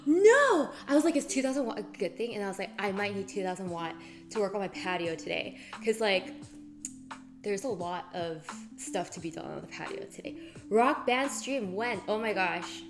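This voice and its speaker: A woman streamer chatting casually with her viewers, bubbly and effusive, gasping and greeting people by name. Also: high voice. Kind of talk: casual live-stream chat. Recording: music playing behind.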